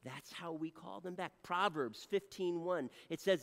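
Earnest pastor with a lively, high voice. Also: male voice, normal speed, vocal fry, few pauses, long reverb tail. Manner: earnest preaching, swings from loud appeals to soft near-whispers. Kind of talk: sermon. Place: church.

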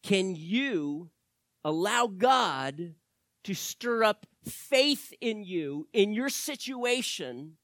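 A pastor preaching a sermon to his church, swinging between hushed words and loud, fervent calls. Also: sits high, very animated, extremely slow, no echo, studio quality. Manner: dramatic, swings from hushed to shouting.

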